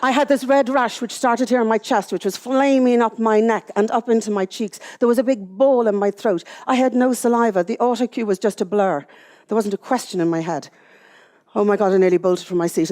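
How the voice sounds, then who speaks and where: A middle-aged Irish woman speaking to a live audience, telling her own story in a candid, lively way with self-mocking humour. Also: mid-range voice, fairly quick. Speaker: public speaker. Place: room with an audience.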